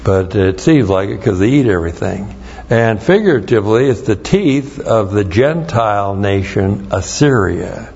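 A man's voice: on the low side, lively intonation, normal speed, creaky, darkish tone, slight background noise. A man teaching a Bible lesson, explaining Hebrew words and spelling them out letter by letter. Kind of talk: verse-by-verse Hebrew word study. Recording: dull lo-fi recording.

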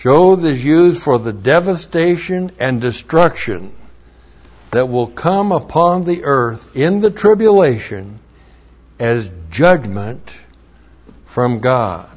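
A man's voice: medium pitch, lively intonation, takes it slowly, a little mellow. A man teaching the Bible verse by verse, spelling out words letter by letter and repeating his points for emphasis. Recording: dull lo-fi recording.

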